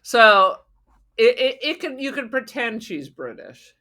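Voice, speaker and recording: A woman's voice: on the high side, very animated, measured pace, sharp tone. A woman co-hosting a podcast, talking bluntly and playfully about a horror film, with casual swearing. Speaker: podcast co-host.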